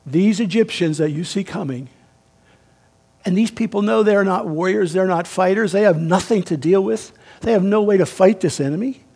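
A man preaching a sermon as pastor, emphatic and swinging between raised and hushed delivery. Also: high voice, moderate pace, breathy edge.

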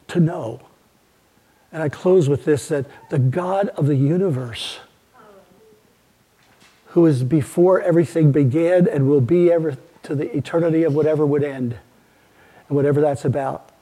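A man preaching a sermon in a church, earnest and emphatic, rising to peaks and dropping low. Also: breathy edge. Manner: earnest, building to emphatic peaks, then hushed. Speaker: pastor.

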